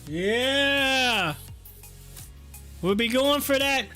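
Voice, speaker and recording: A man hosting a casual stock market livestream, chatty and excitable, laughing often as he talks. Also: very high voice, very slow, soft background music. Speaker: stock market livestream host and youth football coach.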